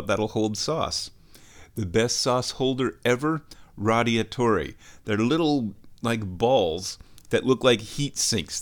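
Man podcast host with a stuffy nose, low-pitched, playful and chatty, casual rambling solo talk at home. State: stuffed-up sinuses. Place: at home, walking between rooms.

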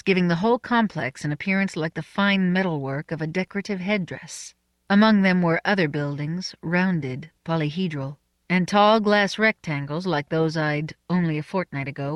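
A narrator reading a first-person novel in a measured, soft-spoken way. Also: mid-range voice, dry recording, studio quality. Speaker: audiobook narrator.

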